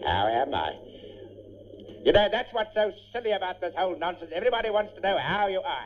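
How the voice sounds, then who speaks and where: A man's voice: sits high, big pitch swings, brisk. A man in a candid radio comedy sketch, grumbling and ranting in a complaining way. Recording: dull old radio recording with faint hiss.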